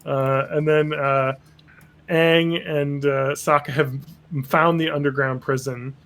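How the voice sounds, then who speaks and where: A man's voice: on the high side, level tone, slow pace, fairly bright tone. A man casually chatting as a podcast host, rambling with crude jokes and acting out quotes. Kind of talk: casual chat recapping a cartoon episode.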